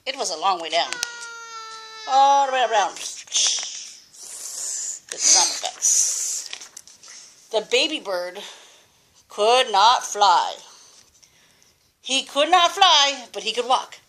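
An older woman reads a picture book aloud to a young child, taking her time and pausing to ask questions. Her voice sits high, and her pace is unhurried and patient. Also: animated, fairly bright tone, a little hiss or hum. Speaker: grandmother reading to a child.

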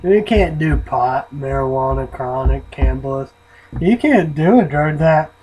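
A man's voice: on the high side, expressive, measured pace, a little mellow, husky, poor audio. A man rambling and swearing in a casual vlog, often trailing off into mumbles. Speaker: vlogger reviewing an energy drink.

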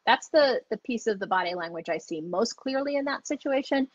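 A woman's voice: on the high side, animated, fairly quick, dry recording. A woman dog trainer teaching online, chatty and enthusiastic, acting out the dogs as she explains. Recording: dull lo-fi audio.

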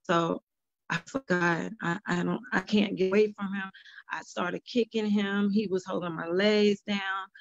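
A woman's voice: on the low side, vocal fry, no echo, muffled recording. A woman speaking as a panel guest, giving earnest personal testimony and retelling past conversations. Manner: earnest storytelling, quoting past dialogue.

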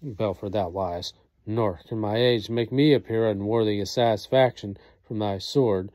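A man's voice: on the low side, normal speed, darkish tone, no room sound, close to an everyday voice. A man reading the part of an aged, wronged father in a play, declaiming in a solemn way. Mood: outraged. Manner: solemn, declaiming old verse.

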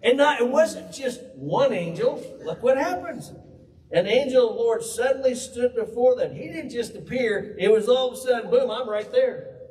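Pastor with a high voice, telling funny stories from the pulpit, recorded from afar in a reverberant hall. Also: male voice, moderate pace. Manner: animated, humorous, conversational. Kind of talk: folksy storytelling sermon. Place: church hall. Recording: roomy hall, distant mic.

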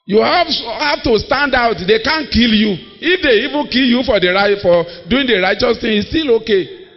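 A man preaches in a high voice, telling stories and acting out the people in them with emphatic delivery. The sound is muffled and lo-fi, and a long reverb trails after every phrase as it fills a large church hall. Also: normal speed. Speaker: pastor. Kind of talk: sermon.

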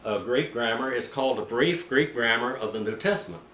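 An older man, a preacher, teaching Greek in a rambling, anecdotal way, clearing his throat now and then. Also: medium pitch, fairly quick, fairly bright tone. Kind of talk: informal teaching sermon. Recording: echoey room, mic at a distance, faint background noise.

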